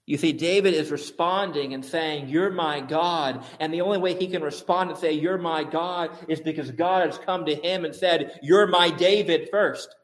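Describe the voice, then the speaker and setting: A man preaching a sermon, asking his listeners rhetorical questions and building to emphatic, louder peaks. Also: a little high, moderate pace, hardly any pauses.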